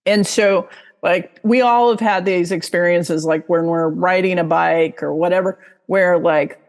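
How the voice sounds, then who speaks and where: A woman's voice: fairly low pitch, fairly even intonation, a little slow, long reverb tail. A woman giving a casual online talk as a guest expert, chatty and full of fillers, now and then acting out inner voices. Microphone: video call mic.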